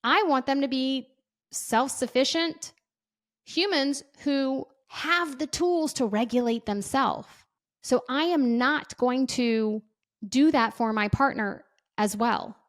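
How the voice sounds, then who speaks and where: A woman in her thirties hosting a casual advice podcast, chatty and quick to act out little bits of dialogue. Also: high voice. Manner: chatty, says "like" often, acts out dialogue. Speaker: podcast host.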